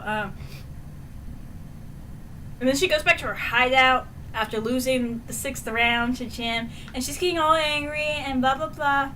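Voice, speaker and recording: A woman recapping a book in a casual review, excitable and prone to shouting out the big moments. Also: high-pitched, background noise. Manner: excitable, retells scenes with shouts and sound effects.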